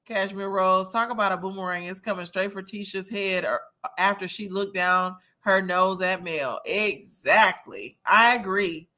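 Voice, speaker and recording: A woman's voice: mid-range voice, measured pace, bright, forceful tone. A woman hosting a casual livestream, chatting and gossiping as she reads viewer comments, a little tipsy and laughing often. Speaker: host of a reality-TV review livestream.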